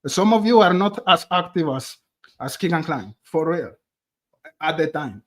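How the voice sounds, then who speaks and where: A man's voice: a little high, animated, a little slow, a bit bright. Chatty man. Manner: chatty, addresses viewers directly as "guys". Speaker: true crime streamer. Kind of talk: live-stream commentary.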